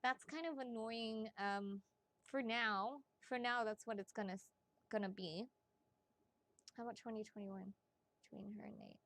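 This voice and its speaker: A woman giving psychic readings on a casual live stream, chatty and excitable, swearing freely and talking straight to her viewers. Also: fairly high pitch, moderate pace, pauses often.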